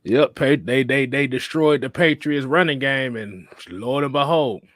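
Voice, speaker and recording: Profane, laughing sports show host. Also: male voice, mid-range voice, unhurried, no room sound, studio quality. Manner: profane, laughing, animated banter. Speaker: podcast host. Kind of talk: casual sports talk.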